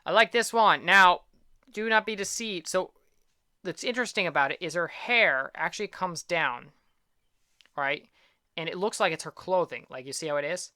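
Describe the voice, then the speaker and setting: Bright, self-deprecating young man. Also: on the high side, smooth, no echo, studio quality. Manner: rambling, self-deprecating, upbeat. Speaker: art channel host. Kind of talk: casual chat.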